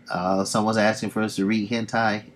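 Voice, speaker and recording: Low-voiced man chatting on a livestream. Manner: chatty, laughs between remarks. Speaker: livestream host. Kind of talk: casual livestream reading comics aloud.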